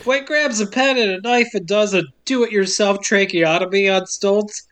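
A woman's voice: medium pitch, normal speed, a bit bright. A woman hosting a podcast, retelling a movie plot with sarcastic asides and frequent laughter. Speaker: podcast host. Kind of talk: casual movie recap narration.

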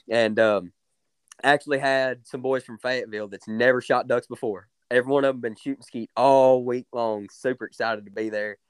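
A young man, telling hunting stories as a guide in a drawling, excited way with many fillers. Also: medium pitch, normal speed, clean tone, dry recording. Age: young adult. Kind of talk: casual storytelling.

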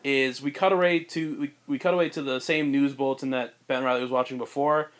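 A man hosting a podcast, casually pitching a film plot in a rambling way, full of "like" and restarts. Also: steady tone, a little fast. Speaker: podcast host.

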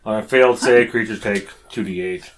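A man's voice: lowish voice, moderate pace, slight background noise. A man playing in a tabletop game, chatting casually and swearing as he works out his moves. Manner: casual, profane, thinking aloud. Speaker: player.

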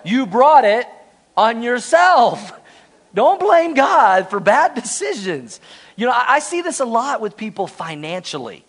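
A man's voice: extremely high pitch, very animated, unhurried. A man preaching a sermon as pastor, telling a funny personal story with lots of energy and joking asides.

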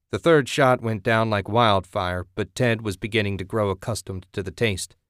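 A man narrating an audiobook in a steady, measured way. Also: fairly low pitch, clean tone, no echo, clean studio sound.

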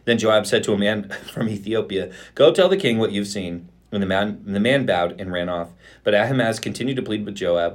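Low-voiced man reading scripture. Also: moderate pace. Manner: expressive reading, lifts his voice for quoted speech. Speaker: pastor.

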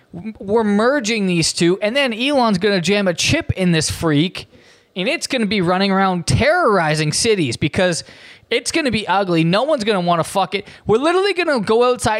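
A man's voice: high voice, a bit bright. A man hosting a comedy show, delivering a profane, incredulous rant with frequent stumbles and restarts. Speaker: podcast host.

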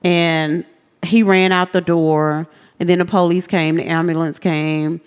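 A woman's voice: lowish voice, flat delivery, unhurried, clear, resonant tone. A woman, a podcast guest telling her personal story earnestly and acting out the voices of people in it. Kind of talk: personal testimony in a podcast interview. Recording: long hall reverb.

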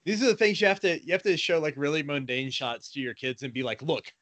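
A man's voice: fairly high pitch, expressive, fast talker, fairly bright tone. Joking man in a movie chat. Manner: joking, loose and meandering. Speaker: podcast co-host. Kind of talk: casual movie commentary chat.

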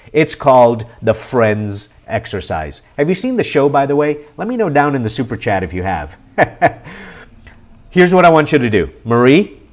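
A middle-aged man hosts a live-stream question session. He talks in an earnest, animated way at a middle pitch, coaching his listeners with encouragement. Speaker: host.

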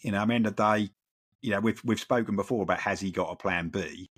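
Low husky male co-host, rambling casual football chat, lots of fillers. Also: brisk. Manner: rambling, repeats words, fills with "you know". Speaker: podcast co-host.

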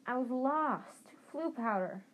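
A woman reading a storybook aloud, voicing a young wizard boy who sounds nervous and hurried. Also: high-pitched, expressive, a bit bright, a little hiss or hum, pitched above the performer's own voice, full character voice, rough recording. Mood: flustered.

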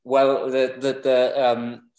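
A man's voice: mid-range voice, monotone, slow, darkish tone, reverberant, rough recording. A man co-hosting a casual podcast, rambling and chuckling with lots of fillers. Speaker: podcast co-host. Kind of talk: casual chat.

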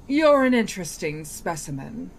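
A woman's voice: mid-range voice, sing-song, takes it slowly, a little mellow, slight background noise, voice pushed up. A woman voicing a sly, mocking male genie disguised as a boy, who talks in a coaxing, wheedling way.

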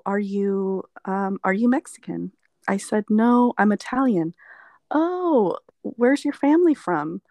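A woman's voice: medium pitch, dry recording, studio quality. A woman therapist telling a reflective personal story in conversation, meandering with fillers. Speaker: therapist guest.

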